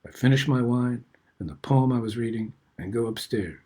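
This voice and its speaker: An older man, host of the show, reading his own personal essays aloud in a reflective, unhurried way. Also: medium pitch, warm tone.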